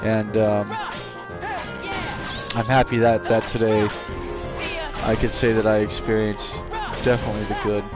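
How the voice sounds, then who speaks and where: A man's voice: lowish voice, flat delivery, a little slow, pauses often. A man streaming live, telling a story from work in a rambling, casual way with frequent restarts. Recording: game music playing behind. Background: video game music.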